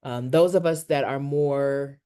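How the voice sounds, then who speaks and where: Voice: mid-range voice, unhurried, dark tone, clean tone. Conversational counselor on a video call. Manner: conversational, often checks in with "right?". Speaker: counselor presenting a workshop. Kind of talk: online workshop presentation.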